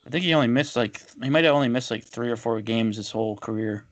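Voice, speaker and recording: This podcast co-host speaks fast in a mid-range voice, casually sharing baseball trivia with an easygoing manner and plenty of fillers. The recording is muffled, with no room sound.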